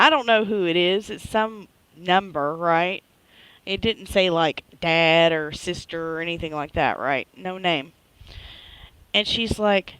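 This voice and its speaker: A middle-aged woman chats through a story on her live stream, checking in with viewers as she goes. Her voice is smooth and clear, recorded close and dry. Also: medium pitch, dry recording, poor audio. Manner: chatty, animated retelling with frequent "right?". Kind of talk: casual storytelling chat.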